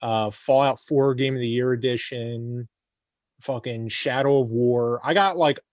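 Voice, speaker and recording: A man's voice: medium pitch, measured pace, dry recording. An easygoing man answers questions on a podcast in a plain, matter-of-fact way. His mic sounds a little muffled and dry. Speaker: podcast guest. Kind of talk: casual podcast chat.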